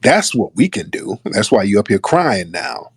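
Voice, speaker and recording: A man's voice: on the low side, very animated, moderate pace, breathy edge, no room sound. A man giving casual political commentary, emphatic and scornful. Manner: emphatic, scornful, mimics others. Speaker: online commentator.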